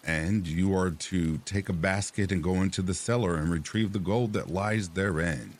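A man's voice: low voice, normal speed. A man voicing a weary, apologetic old fisherman in a storybook tale. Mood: meek. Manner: apologetic and mild.

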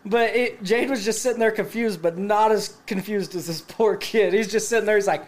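A man in his late twenties telling a profane story to friends, animated and laughing as he goes. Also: high-pitched, moderate pace. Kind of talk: casual storytelling among friends.

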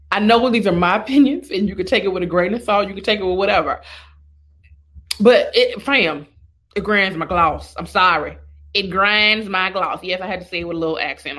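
A woman's voice: mid-range voice, husky. A woman and makeup artist ranting casually and sassily to her viewers. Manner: animated, sassy, talks straight to the viewer. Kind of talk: casual opinion rant.

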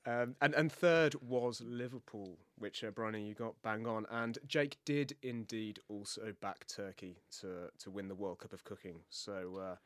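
A man's voice: on the low side, fairly even intonation, measured pace, few pauses, a bit bright, no echo. A man hosting a podcast quiz in a casual, laughing way. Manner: laughs through, stumbles cheerfully. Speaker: quiz host.

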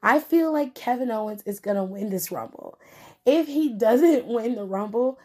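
A woman's voice: fairly high pitch, animated, normal speed, dark tone. Profane ranting woman podcast host. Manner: blunt, profane ranting at listeners. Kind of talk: casual podcast commentary.

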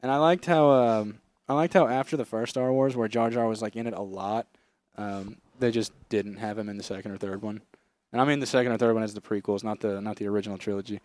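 A man's voice: lowish voice, fairly even intonation, fast, darkish tone, no echo. A young man co-hosting a podcast, telling crude jokes in casual banter and laughing often. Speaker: podcast co-host. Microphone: close podcast microphone.

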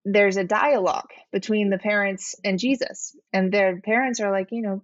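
Earnest woman guest talking it through slowly, kinda muffled audio. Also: medium pitch, dry recording. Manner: earnest, reflective storytelling. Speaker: podcast guest. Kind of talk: heartfelt interview talk.

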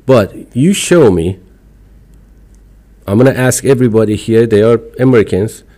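A middle-aged man from Iran with an Iranian accent, talking as a podcast guest in an animated, emphatic way, with non-native phrasing. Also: on the low side, moderate pace. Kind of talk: casual interview chat.

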